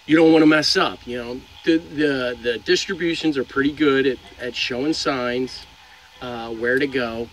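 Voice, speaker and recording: A man's voice: mid-range voice, steady tone, moderate pace, low-quality recording. A young man who drives trucks, giving frank, rambling advice to viewers, swearing now and then. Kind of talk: casual advice vlog. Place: inside a truck cab.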